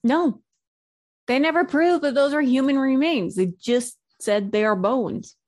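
A woman's voice: high voice, a little slow, a little mellow, no room sound. A woman co-hosting a casual podcast, chatty and a bit sweary, breaking into silly sound effects. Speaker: podcast co-host. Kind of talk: casual chat.

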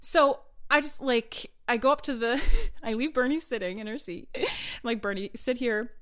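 A woman's voice: on the high side, normal speed. A woman co-hosting a podcast, telling a travel story in casual chat, laughing often and acting out the people in it. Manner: animated, laughing, acts out other people's voices. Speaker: podcast co-host.

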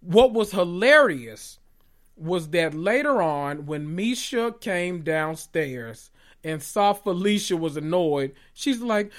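A podcast host giving a sassy, animated recap of a reality show, full of joking asides and cursing. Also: mid-range voice, unhurried.

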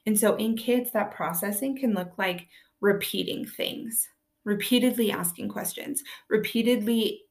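Young woman, parent; soft-spoken, earnest, informal teaching tone, repeats key points. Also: mid-range voice, measured pace. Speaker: parent giving advice on children's grief. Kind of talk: informal teaching talk to viewers.

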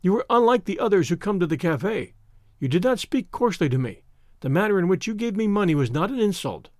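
Guy doing a young captive girl in a storybook, high pitched, breathless and pleading. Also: sing-song, a little fast, a little mellow, dry recording, studio quality. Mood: earnest. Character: young captive Arab woman, grateful and eager.

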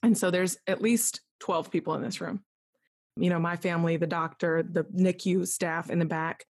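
A woman's voice: lowish voice, steady tone, moderate pace, a little mellow. A young woman candidly retelling a personal story as a podcast guest, acting out what others said to her. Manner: candid, vivid retelling with quoted dialogue.

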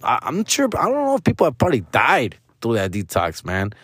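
A man's voice: medium pitch, wildly swooping pitch, a little fast, fairly bright tone, husky, dry recording, studio quality. A man telling a personal story casually, full of slang and swearing, slipping into Spanish now and then. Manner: heavy slang, profane, switches into Spanish; earnest, pleading, repeats street address terms.

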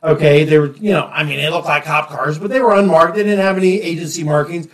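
A man's voice: a little high, fast, echoey room, recorded from a distance. A man, a former police sergeant, telling stories in casual chat, laughing and acting out quotes. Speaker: retired police sergeant, podcast co-host.

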